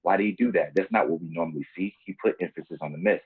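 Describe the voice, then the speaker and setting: A man with a very deep, husky voice on a tinny line. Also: quick pace. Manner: earnest, speaks from experience. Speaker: guest and fighter. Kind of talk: casual podcast chat.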